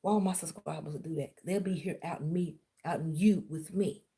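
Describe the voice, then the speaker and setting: Her voice sits low and mellow at a moderate pace as the vlogger calls someone out, sarcastically claiming they've been spying on her in an angry rant.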